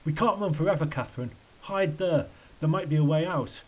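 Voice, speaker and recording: A man voicing a brave, quick-thinking boy who speaks urgently in a storybook reading. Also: on the high side, darkish tone, pitched above the performer's own voice, natural voice.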